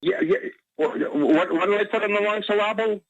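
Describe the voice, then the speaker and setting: A man's voice: high voice, brisk, gravelly, dry recording. Rambling, stammering male caller on a muffled line. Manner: rambling, stammering, many restarts. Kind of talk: call-in radio rant. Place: Boston area.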